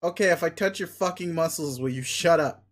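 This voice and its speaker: A man reading a webcomic aloud, voicing an unimpressed young man who answers in flat, curt refusals. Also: a little high, brisk, close to an everyday voice. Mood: deadpan.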